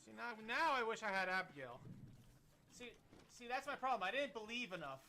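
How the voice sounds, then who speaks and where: A man streaming live gameplay, commenting excitably with frequent swearing and bursts of laughter. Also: sits high, a little fast, a little hiss or hum. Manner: excitable, loud outbursts and laughter; swears freely.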